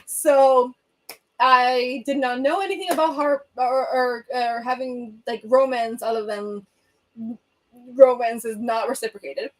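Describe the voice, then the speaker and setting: A woman's voice: fairly high pitch, fairly even intonation, unhurried. A young woman chatting casually with viewers on a livestream, rambling and humming between thoughts, recorded on a laptop's built-in mic at home. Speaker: livestreamer answering viewer comments. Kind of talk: casual chat. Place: home room with a bookshelf. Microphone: laptop built-in webcam mic.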